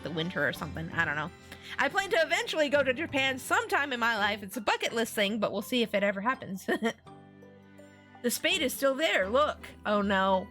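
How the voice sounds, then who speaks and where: A woman's voice: medium pitch, pushed and bright. A young woman streaming a video game, chatting casually and giggling often. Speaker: VTuber streamer.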